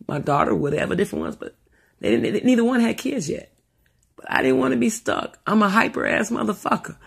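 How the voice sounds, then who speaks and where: A woman's voice: mid-range voice, gravelly, husky. A middle-aged woman telling family stories in a rambling, profane, casual monologue. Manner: rambling and profane, with animated asides. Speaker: storyteller.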